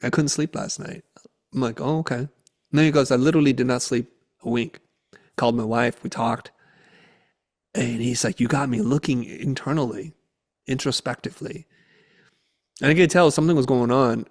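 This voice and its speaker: Speaking at a moderate pace with long pauses, this medium-pitched man is a guest on a podcast interview. He tells a conversational story with animation, performing the quoted lines himself.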